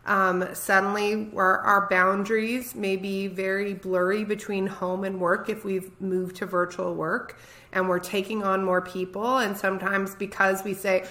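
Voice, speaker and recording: A woman with a bright, forceful voice, chatting casually as a therapist co-hosting a podcast. She tells her stories in an animated way, full of "like"s. Her pitch sits in the ordinary middle range. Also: moderate pace. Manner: animated storyteller, frequent "like". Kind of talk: casual conversational chat.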